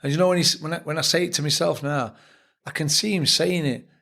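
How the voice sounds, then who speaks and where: A man's voice: fairly high pitch, quick pace, gravelly, sharp tone. An older man with a Sheffield accent, a boxing trainer telling reflective, blunt stories as a guest on a casual podcast interview. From England.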